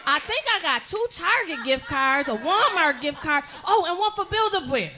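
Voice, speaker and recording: A woman's voice: moderate pace, faint music behind, heavily acted. A woman doing a pushy little girl's voice. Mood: excited. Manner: high, wheedling, excited. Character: whiny almost-eleven-year-old daughter, pushy.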